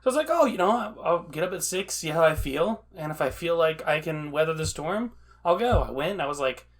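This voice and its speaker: Excitable man on a casual chat show. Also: on the high side, brisk. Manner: excitable, swears freely. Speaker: podcast co-host.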